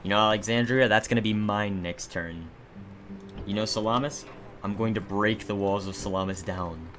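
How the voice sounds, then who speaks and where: A man's voice: on the low side, fairly even intonation, moderate pace, a bit bright, a little hiss or hum. A man giving casual gameplay commentary as a let's play host, joking and sarcastic with mock-dramatic complaints.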